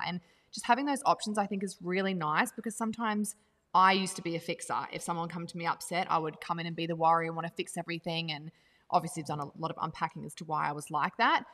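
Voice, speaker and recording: Woman, podcast host, fast talker, low for a woman, reverberant room. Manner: fast, animated, conversational. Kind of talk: casual chat.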